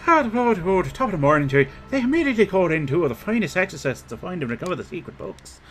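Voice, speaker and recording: A man's voice: high-pitched, big pitch swings, a little fast, faint music behind, voice pushed up. A man voicing a frightened old Irish priest, his put-on brogue wobbling and slipping into other accents. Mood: fretful. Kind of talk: reading game dialogue aloud.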